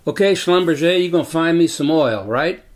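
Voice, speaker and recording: An older man voicing a pushy, angry male oil lease holder who badgers and shouts. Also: a little high, lively intonation, moderate pace, voice pushed up, close to an everyday voice. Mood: demanding.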